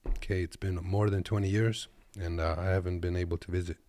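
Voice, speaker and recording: A man's voice: deep voice, little pitch movement, brisk, mellow, no room sound, studio quality. A man from Kazakhstan who drives trucks, giving laid-back, joking reaction commentary from his desk. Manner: laid-back, joking, talks to viewers as "boys".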